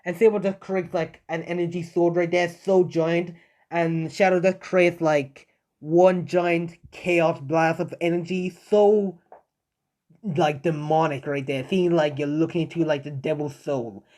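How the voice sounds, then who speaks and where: A young man improvising a fan story out loud, rambling, with many fillers and self-corrections. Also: on the high side, steady tone, a little slow. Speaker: fan-fiction narrator.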